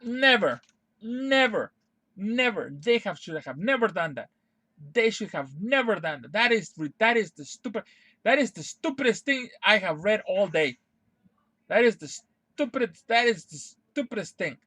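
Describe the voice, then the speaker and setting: A young man with a high voice for a guy rants live to his stream chat. He is heated and exasperated, swears freely and keeps circling back to the same flat refusals. The sound is dry and close, with no room echo. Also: normal speed, breathy edge. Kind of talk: unscripted rant to stream chat.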